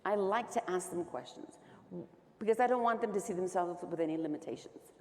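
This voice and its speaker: A woman's voice: fairly low pitch, brisk, a little mellow. A woman governor speaking on a panel, telling stories in a chatty way with many fillers. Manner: chatty, storytelling with frequent fillers. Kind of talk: panel discussion. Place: conference stage. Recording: hall reverb.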